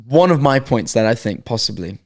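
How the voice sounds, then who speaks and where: A podcast co-host thinks aloud in a casual, reflective chat, restarting hesitantly. His medium-pitched voice is expressive and a little fast.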